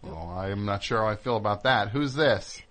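A man's voice: lowish voice, normal speed, fairly bright tone. A man hosting a comedic radio show, teasing his guests and callers with jokes and stumbling restarts. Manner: joking, teasing, stammering restarts. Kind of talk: casual comedic radio banter.

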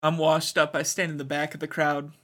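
A man in casual chat, self-deprecating and quick with funny anecdotes and quoted voices. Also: on the high side, completely flat delivery, fairly bright tone.

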